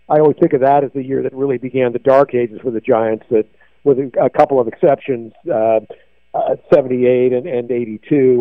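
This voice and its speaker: A man's voice: mid-range voice, no room sound. An older man telling rambling sports memories, full of fillers and restarts, as a show host. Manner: digressive, many fillers and restarts. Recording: dry tinny phone-like sound.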